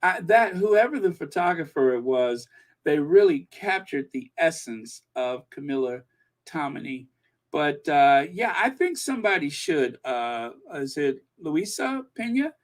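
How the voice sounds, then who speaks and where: Slow, chatty higher-voiced man. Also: big pitch swings. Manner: slow, rambling, self-amused. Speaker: host of a royal news channel. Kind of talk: casual chat reading viewer comments.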